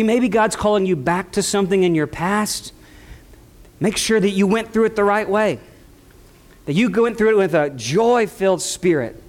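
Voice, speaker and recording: A man preaching a sermon at a church service, passionate and full of rhetorical questions. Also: high voice. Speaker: pastor.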